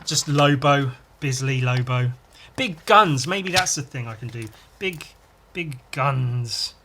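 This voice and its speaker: A man's voice: medium pitch, animated, slow pace, sharp tone, a little hiss or hum. A man hosting a podcast, chatting casually and enthusiastically while reading a comic and adding his own sound effects. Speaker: podcast host.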